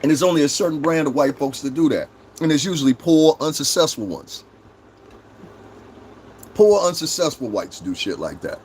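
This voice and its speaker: A man's voice: expressive, normal speed, long pauses, darkish tone, slight background noise. A man hosting a livestream, delivering a profane, combative rant and berating the people in his chat. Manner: profane, combative, mocks chat commenters in high mimicking voices. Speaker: livestream host.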